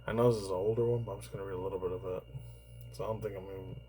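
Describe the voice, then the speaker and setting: A man's voice: sits low, fairly even intonation, rapid-fire, warm tone, soft background music, rough recording. A man in his thirties from New York, rambling through casual commentary, swearing freely and padding his talk with fillers. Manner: rambling, profane, heavy on fillers. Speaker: YouTuber reacting to news.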